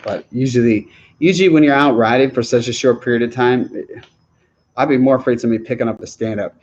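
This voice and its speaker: A man's voice: medium pitch, fast, a little mellow, lo-fi sound. A man chatting casually on a livestream Q&A, rambling, chuckling often and restarting his sentences. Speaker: livestream host answering viewer questions.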